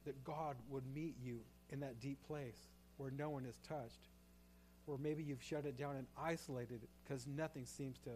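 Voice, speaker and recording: Male pastor, slightly higher voice, preaching with fervent swings from hushed to loud. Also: a little hiss or hum. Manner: shifts from quiet reflective to loud impassioned pleading. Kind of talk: sermon.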